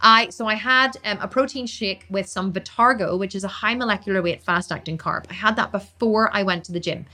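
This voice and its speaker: A woman fitness coach and bodybuilder answering questions on a casual live stream, talking very fast, energetic and emphatic, repeating words for emphasis. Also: mid-range voice.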